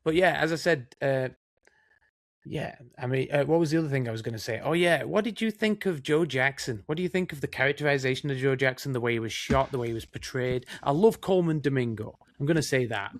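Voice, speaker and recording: A man's voice: medium pitch, a little fast, no echo, studio quality. A man with a Northern English accent, co-hosting a casual film chat, rambling and chatty with lots of "mate". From Northern England. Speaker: co-host, film production assistant.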